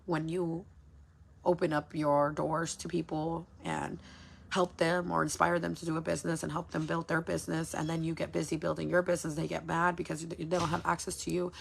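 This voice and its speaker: A woman from the United States talks on a casual livestream about running her small business. Her voice sits low and has a husky, gravelly edge. She speaks frankly, swears freely, and hammers her points home by repeating phrases. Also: little pitch movement, brisk.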